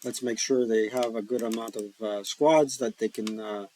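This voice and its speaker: A man's voice: fairly low pitch, fairly even intonation, normal speed, warm tone, a little hiss or hum, poor audio. A man casually talking through a solo board wargame, joking and rambling with folksy asides. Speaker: board wargame player and host. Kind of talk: casual solo-play commentary.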